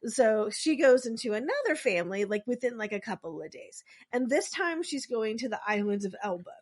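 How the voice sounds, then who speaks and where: Woman, podcast co-host, casual storytelling, fairly high voice, rambling with fillers, acts out quotes. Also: lively intonation, a little fast.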